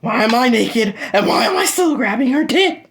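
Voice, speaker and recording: A man voicing a flustered teenage boy hero who stammers and panics, his voice climbing higher. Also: wildly swooping pitch, slow, creaky, breathy edge, exaggerated voice.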